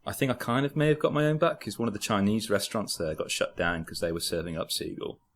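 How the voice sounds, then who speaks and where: Brief: young Birmingham-accented man, deep voice with wide swings, casual podcast guest, hesitant restarts. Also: fast. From Birmingham, England. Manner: lively, hesitant, many restarts. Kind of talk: casual chat.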